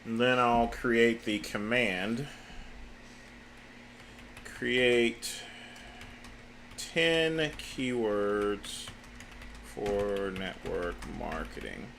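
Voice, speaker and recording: A man's voice: lowish voice, expressive, drawn-out words, gravelly, long pauses, a bit bright, slight background noise. A man livestreaming while he works at a computer, muttering his steps to himself and cursing now and then. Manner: mutters to himself, curses in frustration. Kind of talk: casual livestream talk while working.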